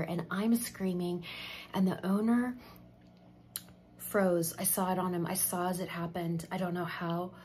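A woman's voice: lowish voice, darkish tone, a little hiss or hum. A middle-aged woman chatting casually while doing her makeup, telling an emotional story and dropping to a near whisper at tense moments. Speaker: makeup vlogger.

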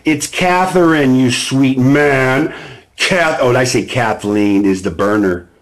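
A man hosting a live stream, reading from his own book and preaching self-understanding, swinging between low chatty asides and loud emphatic bursts. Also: slow pace, low-quality recording. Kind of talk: motivational live stream talk. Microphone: phone or webcam on a live stream.

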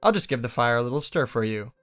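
Fearless cheerful lad, bold and carefree, smooth clear tone; a male narrator puts him on. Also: medium pitch, animated, fast talker, fairly bright tone, soft background music, close to an everyday voice.

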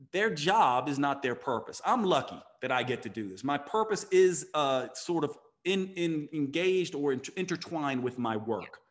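A man speaking in a fairly high register tells his story as a podcast guest. He talks with emphasis and slips into the voices of the people he quotes. He sounds like a coach driving a point home. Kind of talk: storytelling interview talk.

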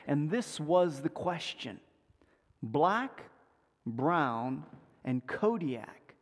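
High-voiced male preacher in echoey church. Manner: storytelling, playful and animated. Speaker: pastor. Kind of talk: sermon. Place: church sanctuary.

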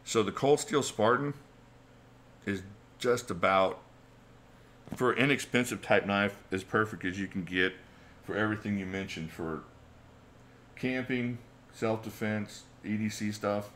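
A man's voice: on the low side, a little slow, pauses often, fairly bright tone, slight background noise. A man in his forties hosting a casual livestream Q&A, chatty, reading viewer questions aloud and chuckling often. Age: 40s. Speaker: channel host.

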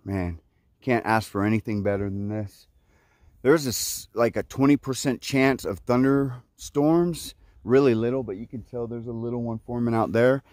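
A man vlogging on a mountain top while hiking, talking in a relaxed, rambling, awed way. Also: mid-range voice, moderate pace, dry recording, clean studio sound. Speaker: hiker vlogger. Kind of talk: casual outdoor vlog. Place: mountain summit outdoors.

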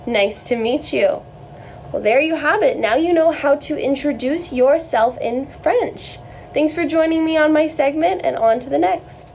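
A young woman presenting a children's lesson, repeating phrases slowly and clearly. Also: high voice, darkish tone, slight background noise, rough recording. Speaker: French segment presenter. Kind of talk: kids' language lesson.

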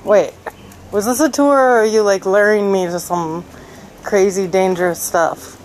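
A woman vlogging outdoors in a cemetery, chatting casually and coaxing the animals she meets in a gentle voice. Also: mid-range voice, fairly even intonation, measured pace, a little hiss or hum, rough recording. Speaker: travel vlogger. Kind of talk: casual vlog narration.

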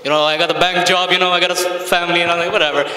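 A man's voice: high-pitched, little pitch movement, very fast, pushed and bright. A young man from Saudi Arabia doing a rambling stand-up set at an open mic, teasing the audience and slipping between English and Hindi. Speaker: stand-up comedian. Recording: echoey hall.

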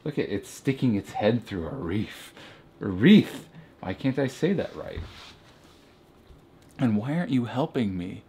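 Young man mock-reviewing ornaments, lively pitch. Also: normal speed, pauses often, slight background noise. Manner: mock-serious, rambling asides. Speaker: comedy vlogger. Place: home beside a Christmas tree. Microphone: camera held by a friend.

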